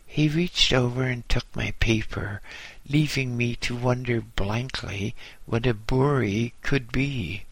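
A man reading a memoir aloud in a measured, precise way. His low voice is gravelly and husky, yet bright on top. The pace is slow and the sound close and dry. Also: no echo. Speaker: narrator. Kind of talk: audiobook narration.

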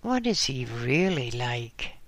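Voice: mid-range voice, sing-song, slow pace, no room sound. A reader voicing blunt woman Lotta. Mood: plain.

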